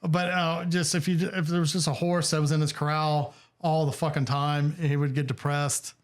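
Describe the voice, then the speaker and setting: A man from Ohio with a voice pitched a little high for a man hosts a relaxed podcast chat. He talks in halting bursts, restarts often and swears casually. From Dayton, Ohio. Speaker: podcast host.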